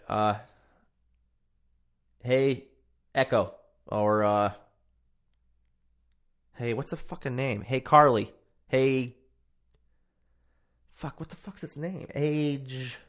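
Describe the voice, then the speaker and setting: A man's voice: mid-range voice, slow pace, pauses often. A man hosting a casual solo podcast from his home podcast room, rambling and swearing freely and poking fun at himself. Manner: rambling, profane, self-mocking. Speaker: podcast host.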